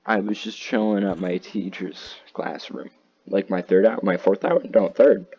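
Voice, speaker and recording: A man's voice: low voice, unhurried, vocal fry, mellow, slightly rough. A teenage boy telling a rambling, profane story about his school day, full of "like" and "dude". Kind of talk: casual storytime. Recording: slightly dull lo-fi audio, faint noise.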